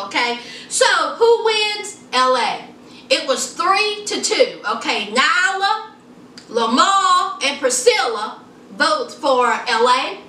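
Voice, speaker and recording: A sassy woman gossips through a reality show recap, teasing her viewers with "honey" and "child." Her voice sits high and bright. She sounds a little distant in a roomy, echoey space. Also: expressive, unhurried, slight background noise. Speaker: reality TV reviewer. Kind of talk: casual TV recap vlog. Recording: echoey room, mic set back.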